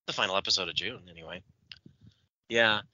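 A man's voice: low voice, a little fast, sharp tone, no echo, dull audio. A man co-hosting a podcast in casual chat, opinionated and ranting. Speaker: podcast co-host.

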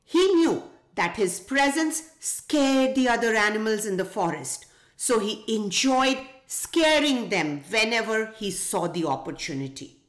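A woman's voice: fairly high pitch, expressive, a little slow, reverberant. A woman hosting a children's podcast, narrating a folktale and asking young listeners questions. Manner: gentle, asks children questions. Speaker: children's podcast host and storyteller.

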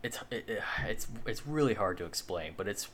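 A man with a somewhat low voice talks loosely on a podcast. He rambles and circles back, leaning on fillers and the occasional swear. A faint hiss sits under his voice. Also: lively intonation, fairly quick, fairly bright tone. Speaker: podcast co-host. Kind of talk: casual chat.

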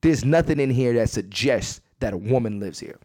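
A man hosting a comedy podcast, telling stories in a profane, animated way and repeating lines for emphasis, recorded in a bedroom at home. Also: medium pitch, moderate pace, no echo, studio quality. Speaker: podcast host. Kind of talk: comedic storytelling monologue. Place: his second bedroom at home.

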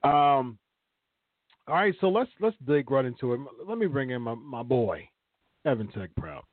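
A man's voice: medium pitch, sing-song, moderate pace, a little hiss or hum. A man hosting a podcast in casual chat, laid-back and often calling his guest "man.". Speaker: podcast host. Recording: tinny phone-like line.

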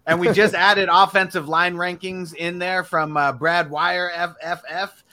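A man co-hosting a sports podcast, giving an upbeat promo pitch in a casual way. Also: flat delivery, measured pace, pushed and bright. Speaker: podcast co-host.

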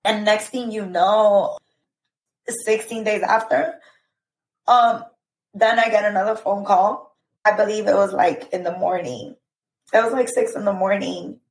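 Woman guest telling her story, emotional, halting, lots of fillers, mid pitch, echoey room. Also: steady tone. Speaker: podcast guest. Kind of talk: personal storytelling.

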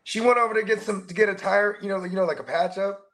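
A man's voice: high voice, fairly even intonation, fast, a bit bright. A man from the Bay Area, co-hosting a casual show and telling stories in loose, profane slang. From San Francisco Bay Area. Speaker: podcast co-host. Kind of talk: casual chat.

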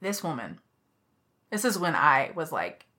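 Young woman podcast co-host, fired-up profane storyteller, lower-pitched and bright. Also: a little slow. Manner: heated, profane, animated storytelling. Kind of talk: casual storytelling chat.

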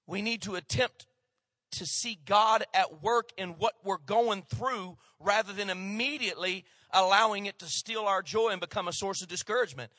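A male pastor preaching a sermon, swinging between loud emphatic lines and hushed asides. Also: high voice, moderate pace, dry recording, clean studio sound.

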